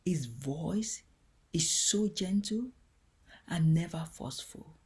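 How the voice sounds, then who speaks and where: Slow, gentle woman sharing her faith. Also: fairly low pitch, animated. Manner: gentle, earnest and heartfelt. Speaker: Christian teacher. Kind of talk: devotional teaching talk.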